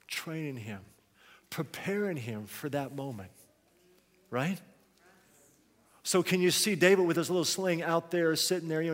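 Male preacher, fairly high voice, lively storytelling that swings from hushed asides to loud calls, long hall reverb. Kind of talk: sermon.

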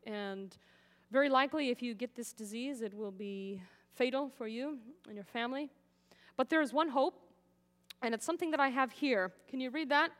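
A young adult woman missionary giving a sermon to a congregation, earnest and encouraging, drawing listeners in with questions. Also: on the high side. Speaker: missionary speaker. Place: church sanctuary. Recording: reverberant church hall.

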